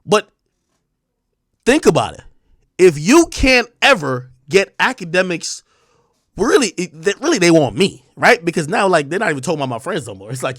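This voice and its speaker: A man's voice: high voice, big pitch swings, moderate pace, fairly bright tone, no echo, studio quality. A man in his thirties hosting a livestream, talking straight to his chat in an emphatic, repetitive and defiant way with plenty of profanity. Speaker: streamer host.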